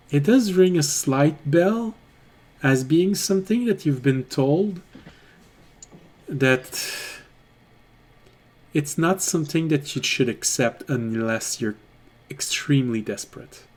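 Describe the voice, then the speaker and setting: A man narrating a tabletop game as game master, deliberate and quick to laugh. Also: fairly high pitch, darkish tone.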